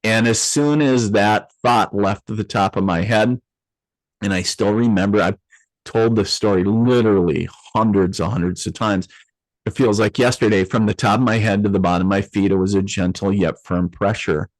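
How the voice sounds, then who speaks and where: A man with a lowish voice tells a personal story as an interview guest. He talks loosely, with fillers and restarts, and acts out the voices of the people he quotes. The sound is dry and close, with no room echo. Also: steady tone, moderate pace.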